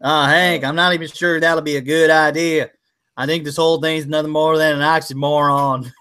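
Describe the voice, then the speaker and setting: A man's voice: on the high side, level tone, normal speed, sharp tone, clear, resonant tone, voice pushed down. A man voicing a timid, stammering middle-aged cartoon neighbor who keeps hedging. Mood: unsure. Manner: hesitant, stammering.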